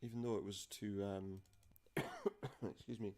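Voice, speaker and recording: A man's voice: fairly low pitch, flat delivery, moderate pace, a little mellow. A man casually commenting while playing an adventure game, dry and wry. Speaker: let's play gamer.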